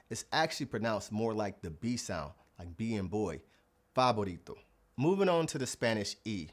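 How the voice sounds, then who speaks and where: Male language teacher, lowish voice, scripted lesson delivery, slows down on example words. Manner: clear, deliberate, stretches out example words. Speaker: Spanish teacher.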